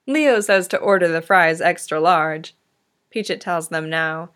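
Gentle woman reading a tender story. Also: low-pitched, steady tone, a little slow, clean tone. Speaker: narrator. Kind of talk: fan-fiction story reading.

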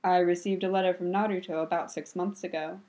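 A woman voicing a sharp-tongued young male ninja teacher, dry and scathing. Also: on the low side, fairly even intonation, a little fast, close to an everyday voice. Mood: wistful.

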